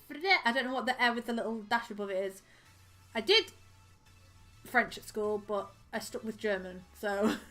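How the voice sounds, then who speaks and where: A woman's voice: medium pitch, sharp tone. A woman live-streaming as she crochets at home, chatting casually and giggling, and counting her stitches aloud.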